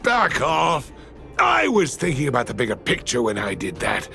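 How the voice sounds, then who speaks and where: An actor voicing a gruff, stubborn middle-aged father who leads miners in a game. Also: medium pitch, huge pitch swings, moderate pace, pushed and bright, soft background music, heavily acted. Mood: defiant. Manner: defensive, gruff. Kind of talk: game voice acting.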